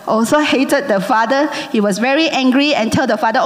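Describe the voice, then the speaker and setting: A woman's voice: high voice, brisk. Woman preaching in a big hall. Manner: animated, asks the congregation "okay?" and "amen?". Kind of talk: sermon storytelling.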